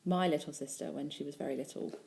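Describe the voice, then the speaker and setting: A woman's voice: sits low, quick pace, creaky, darkish tone, a little hiss or hum. A female primary school teacher reading a storybook aloud expressively, stopping to talk to the children listening.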